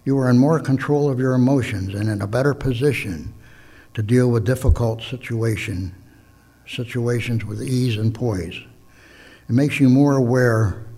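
A man preaching a sermon in a measured way, often stopping to correct himself. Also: mid-range voice, gravelly, darkish tone, husky. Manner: measured, slips and self-corrects, tells jokes.

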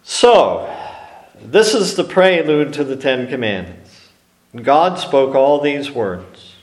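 A man preaching a sermon slowly and emphatically, with dramatic pauses on key words. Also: medium pitch, expressive, reverberant. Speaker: pastor.

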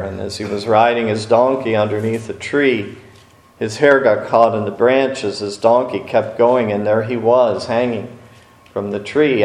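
A man preaching a sermon, speaking slowly with dramatic pauses and acting out quotes from scripture stories. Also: fairly low pitch, darkish tone. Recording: echoey room.

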